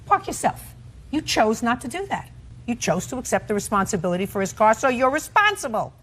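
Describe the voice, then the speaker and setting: Woman judge, stern and lecturing, lively swooping pitch, interrupts. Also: fast. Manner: stern, lecturing, cuts people off. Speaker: television judge. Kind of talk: courtroom questioning.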